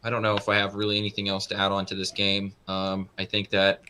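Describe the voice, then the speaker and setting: A young man breaks down a football game in a casual talk show. His voice sits low but has a bright, forceful edge. He hedges with fillers as he analyzes. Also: completely flat delivery, fast, slight background noise. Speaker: co-host.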